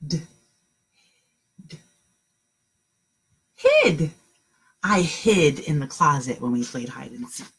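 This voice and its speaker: A woman teaching a phonics lesson to young children, with slow, drawn-out sounds and lots of praise. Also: sits low, sing-song, breathy edge. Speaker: kindergarten teacher.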